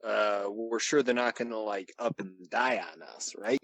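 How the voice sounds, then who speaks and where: A man's voice: fairly low pitch, a little slow, a bit bright, dry recording, poor audio. A man playing a tabletop game, talking casually as a detective character. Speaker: player.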